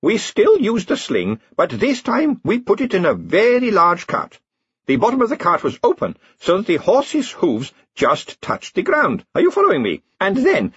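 An excitable old slave inventor, voiced by a man, fussy and eager, his voice pushed high and leaping all over the place. Husky at the edges, it sits in a dry, muffled audiobook recording. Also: no room sound, full character voice. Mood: proud.

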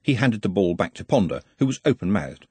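A man reading a fantasy novel aloud as narrator, with an expressive delivery. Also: on the low side, fairly quick, husky, no echo. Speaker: audiobook narrator. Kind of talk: scripted narration.

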